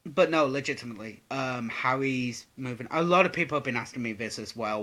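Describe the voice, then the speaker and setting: A man's voice: medium pitch, moderate pace, hardly any pauses, sharp tone. A young man answering viewer questions in a casual vlog, rambling and swearing with lots of "um"s. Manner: rambling, sweary, many fillers.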